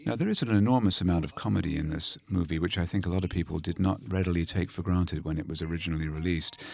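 Low-voiced man, measured film commentary. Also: gravelly. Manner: measured, informative, prompting questions. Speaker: film historian co-host of commentary. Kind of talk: commentary interview.

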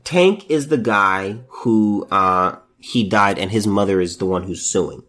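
A man's voice: fairly low pitch, measured pace, fairly bright tone. A man hosting a solo commentary podcast, ranting in disbelief and restarting his sentences often. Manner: incredulous, ranting, many restarts. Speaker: podcast host.

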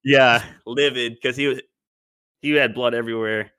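A man's voice: medium pitch, fairly even intonation, moderate pace, pushed and bright, smooth, no echo. A man in his twenties telling a long story in casual podcast chat, rambling and loose. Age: 20s. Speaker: podcast co-host.

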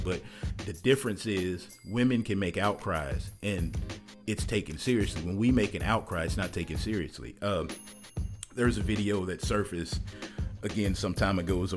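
A man with a deep, low voice talks through a heartfelt monologue. He is earnest and emphatic, piling up repeated words as he presses his point. Soft music plays faintly behind him. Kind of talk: casual monologue.

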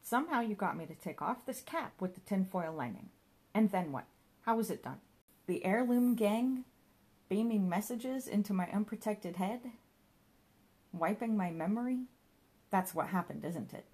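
A woman's voice: mid-range voice, animated, moderate pace, a little mellow, slightly rough, voice pushed up. Woman voicing a flustered paranoid young man. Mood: defiant.

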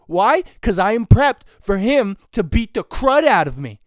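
A young man hosting a casual comedic rant, excitable and quick to get fired up. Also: sits high, no room sound, studio quality. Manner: excitable, builds to shouting when fired up. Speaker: host.

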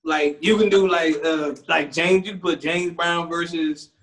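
High-pitched dc guy rambling in casual chat, laughs a lot. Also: measured pace. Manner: animated, rambling, laughs often. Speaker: co-host.

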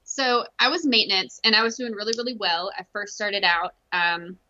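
Bright-voiced woman, casual swearing. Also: mid-range voice, normal speed, highs cut off. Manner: relaxed, swears freely, uses fillers. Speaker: army veteran guest. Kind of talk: casual chat.

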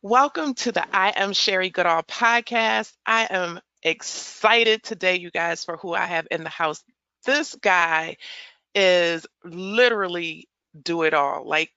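A woman's voice: lowish voice, creaky, sharp tone, clear, resonant tone, no room sound, muffled recording. A woman hosting a podcast interview, introducing her guest with enthusiasm. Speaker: podcast host.

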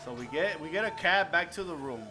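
A man's voice: on the high side, expressive, brisk. A man telling a story to friends in casual chat, profane and laughing, mixing Spanish slang into his English. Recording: music playing behind.

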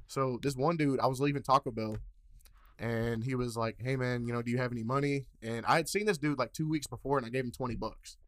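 Quick-talking co-host, rambling anecdotes, filler-heavy. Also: male voice, mid-range voice, steady tone, fairly bright tone. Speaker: podcast co-host. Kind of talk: casual storytelling chat.

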